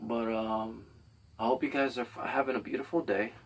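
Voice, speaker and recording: A man's voice: mid-range voice, fairly even intonation, moderate pace, recorded from a distance. A man hosting a podcast, delivering a rambling, blunt, profane comedic monologue. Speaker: podcast host.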